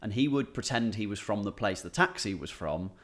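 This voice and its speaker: A man's voice: on the low side, expressive, a little fast, a bit bright. A man, a comedian and podcast co-host, chatting casually and telling a rambling story with restarts. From England. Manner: rambling, self-interrupting storyteller. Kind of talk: casual chat.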